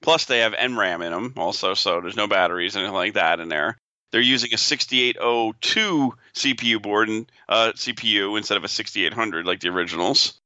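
A man co-hosting a casual podcast, his voice sharp and very bright. The recording is dry and somewhat dull, with little room sound. He talks easily and keeps chiming in with quick agreement. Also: on the low side, no echo. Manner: agreeable, chimes in with short replies. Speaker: podcast co-host. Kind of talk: casual chat.

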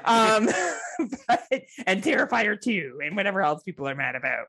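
Lively, chatty woman podcast host. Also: mid-range voice, normal speed, vocal fry. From Ontario, Canada. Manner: chatty, laughs often, swears freely. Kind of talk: casual chat.

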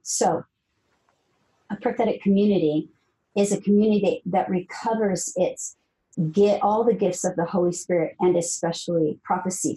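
Earnest woman with a mellow voice. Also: fairly low pitch, low-quality recording. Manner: earnest, emphatic, repeats phrases. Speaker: guest author. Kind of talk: conversational storytelling.

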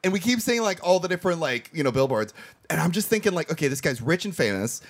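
A man co-hosting a podcast in casual chat, excitable, laughing often and swearing freely. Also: on the high side, fast talker. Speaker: podcast co-host.

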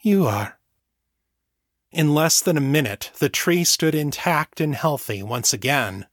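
A man's voice: a little high, expressive, measured pace, fairly bright tone, no room sound. Man reading a story, dry close sound. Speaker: audiobook narrator. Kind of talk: scripted narration.

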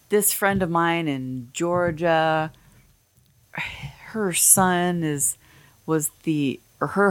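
A woman hosting a podcast who talks in a low, unhurried voice. She rambles candidly and swears freely. The sound is dry and close. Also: no room sound. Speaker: podcast host. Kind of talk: casual chat.

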